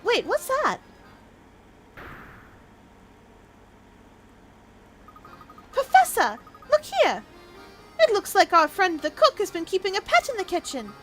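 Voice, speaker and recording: A woman's voice: very high voice, huge pitch swings, moderate pace, fairly bright tone, faint music behind, voice pushed up, heavily acted. A woman voicing an eager, cheerful young boy apprentice who exclaims often. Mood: excited.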